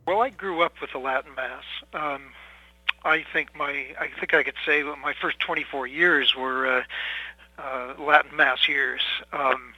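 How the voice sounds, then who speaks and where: A man in his seventies, a priest, answering interview questions in a measured, thoughtful way with many pauses and fillers. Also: mid-range voice, fairly even intonation, sharp tone, breathy edge, no room sound, poor audio. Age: 70s.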